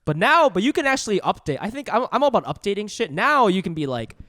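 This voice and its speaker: A man's voice: high-pitched, fast, no echo. A man co-hosting a comedy podcast, chatting casually and riffing on jokes. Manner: animated, riffing, reads ads playfully. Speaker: podcast co-host.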